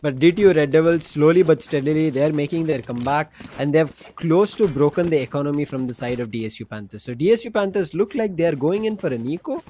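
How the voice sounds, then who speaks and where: A male co-caster with a slightly high voice gives analytical color commentary on a college esports match, explaining strategy between plays. There is a faint hiss of noise behind him. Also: lively intonation, quick pace, hardly any pauses, dark tone.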